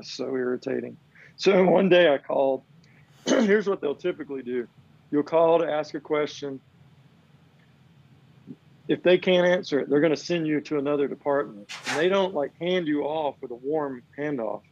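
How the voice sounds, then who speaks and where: A man's voice: a little high, moderate pace, vocal fry, pauses often, a little mellow, no echo, muffled recording. Profane man ranting casually. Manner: ranting, profane, acts out quoted people. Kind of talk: casual chat.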